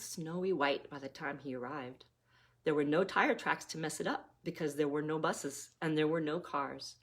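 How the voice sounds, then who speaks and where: A woman reading her own novella aloud, gently, like a mother reading a story to her children. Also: deep voice.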